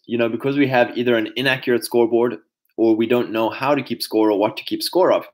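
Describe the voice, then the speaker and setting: A man giving a loose, conversational monologue to his viewers, full of fillers and acted-out quotes. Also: medium pitch. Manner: conversational, many fillers, acts out quoted voices. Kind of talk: casual monologue.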